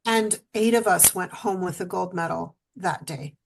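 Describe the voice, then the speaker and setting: A woman telling a personal story as a guest in an interview, animated and quoting herself and others as she goes, emotional at times. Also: on the low side, moderate pace, gravelly, a little hiss or hum. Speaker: guest speaker.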